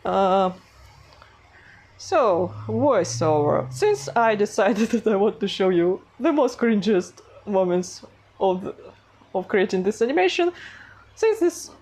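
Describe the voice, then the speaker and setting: Slow, hesitant woman with a foreign accent. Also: medium pitch, sing-song, darkish tone. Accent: non-native English accent. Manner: hesitant, many fillers, self-conscious giggling. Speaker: animation artist vlogger. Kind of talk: casual vlog narration.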